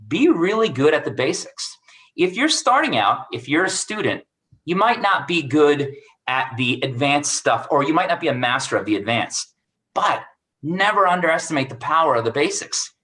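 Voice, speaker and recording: A man, a cybersecurity expert giving career advice through animated stories over an online call, acting out what people said. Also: fairly high pitch, rough recording. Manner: animated, acts out quoted dialogue.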